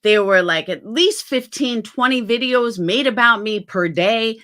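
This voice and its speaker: A woman's voice: fairly high pitch, lively intonation, unhurried, fairly bright tone. A middle-aged woman hosting a casual commentary vlog, talking bluntly and defensively and swearing freely. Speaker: YouTube commentary host.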